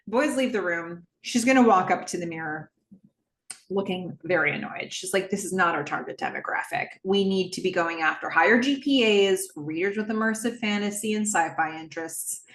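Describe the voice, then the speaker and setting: A woman hosting a podcast, casually recapping a TV episode and acting out the characters' lines with quick laughs. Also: mid-range voice, a bit bright. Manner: chatty, laughs often, jumps into character voices. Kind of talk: casual recap with acted-out quotes. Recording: echoey room.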